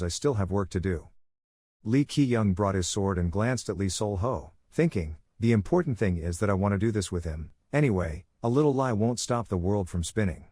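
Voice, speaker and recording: A man with a low voice narrates a comic story recap and reads each character's lines in his own voice. The sound is dry and close, with no room around it. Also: darkish tone, no room sound.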